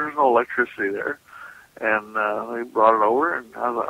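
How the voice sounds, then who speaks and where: A man's voice: lowish voice, brisk, creaky, no echo. Laid-back man telling stories. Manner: casual, laughing, folksy storyteller. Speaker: paranormal investigator guest. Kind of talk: radio interview storytelling. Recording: muffled radio call audio.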